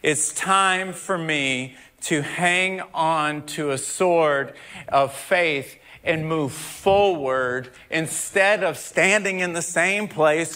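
A man preaching as a pastor, storytelling and then rising to loud shouted preaching before dropping back low. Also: very slow, smooth. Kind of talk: sermon.

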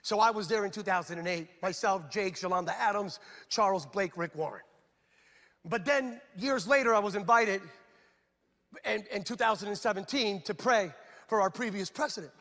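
A man's voice: high voice, normal speed, a bit bright. A middle-aged man, a pastor, telling a humorous story in a sermon and acting out the dialogue. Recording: reverberant hall sound.

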